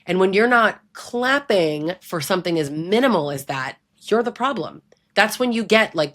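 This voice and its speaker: A woman's voice: medium pitch, animated, moderate pace, fairly bright tone. A woman giving blunt, emphatic advice straight to the listener, conversational and often checking in with "right?". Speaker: relationship abuse educator. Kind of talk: direct-to-camera advice talk.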